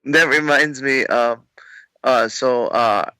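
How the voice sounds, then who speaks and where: A man's voice: medium pitch, slow pace, sharp tone, smooth, no echo. Easygoing guy cracking teasing one-liners on a podcast, dry close mic. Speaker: podcast co-host. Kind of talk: casual chat.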